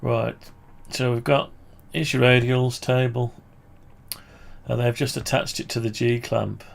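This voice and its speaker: A man from the United Kingdom, with a creaky mid-range voice and a level tone, speaks unhurriedly. He takes viewers through his amateur radio antenna project in a relaxed screen-share, reasoning aloud and correcting himself as he goes.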